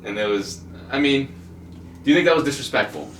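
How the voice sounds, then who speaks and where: A man's voice: medium pitch, animated, a little fast, a bit bright, roomy sound, recorded from a distance, slight background noise. A man co-hosting a casual chat podcast, rambling with lots of fillers and laughing often. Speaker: podcast co-host.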